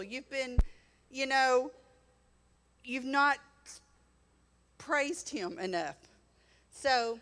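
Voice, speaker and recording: A woman's voice: on the high side, a bit bright. A woman sharing a sermon on marriage beside her husband, plainspoken and conversational. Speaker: pastor's wife.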